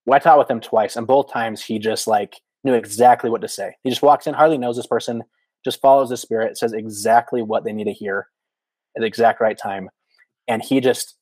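A man in his thirties tells a story on a podcast, jumping up high in pitch whenever he acts out a scream or a quote. His voice sits mid-range and the sound is dry and close. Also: dry recording, rough recording. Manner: animated storyteller, many "like" fillers, acts out quotes. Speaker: podcast guest, former missionary. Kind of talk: casual storytelling.

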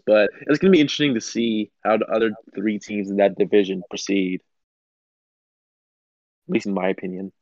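A man's voice: on the low side, no echo, lo-fi sound. A man on a casual sports podcast, talking hesitantly with many fillers. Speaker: podcast co-host.

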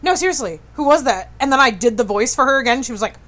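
A woman's voice: fairly high pitch, animated, racing, a bit bright. A young woman co-hosting a casual podcast, rambling, restarting her sentences and swearing casually. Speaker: podcast co-host.

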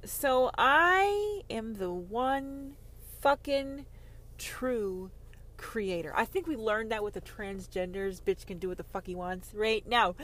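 God as a cocky creator who swears a lot, a woman doing him, loud and brash. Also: a little high, expressive, slow pace. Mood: boastful. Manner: brash and profane, boasting. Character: God, a defiant, boastful male creator.

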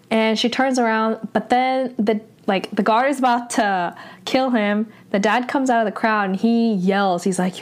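Young woman, casual recap vlogger; rambling, filler-heavy delivery, animated and exasperated when reacting. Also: mid-range voice, normal speed.

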